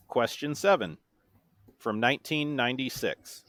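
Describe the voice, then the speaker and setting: A man hosting a trivia round on a podcast, reading song lyrics in a deliberate flat monotone. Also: mid-range voice, dry recording. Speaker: guest quiz host. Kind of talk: reading quiz questions.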